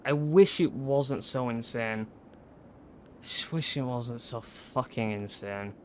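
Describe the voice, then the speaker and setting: Man, streamer, gameplay commentary, swears a lot, repeats himself, unhurried, mid pitch. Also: slight background noise. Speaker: gaming streamer.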